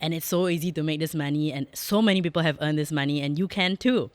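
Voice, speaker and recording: A woman's voice: deep voice, fast talker, no echo. A woman with a Singaporean accent hosting her own podcast in a studio, talking frankly and jokingly and laughing often. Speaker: podcast host. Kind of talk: casual chatty monologue. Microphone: close studio mic.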